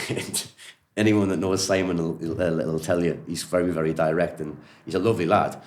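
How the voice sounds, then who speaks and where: A man's voice: low-pitched, steady tone, normal speed, a little mellow, reverberant. A Geordie man from Newcastle, a martial arts coach, telling stories in a rambling, friendly way, full of "you know" and "like". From Newcastle, England. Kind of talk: casual storytelling interview.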